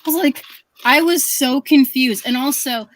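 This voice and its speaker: Woman co-host, a touch high, animated storyteller, dry close mic. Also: moderate pace, no room sound. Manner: animated storyteller, laughs often. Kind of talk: casual chat.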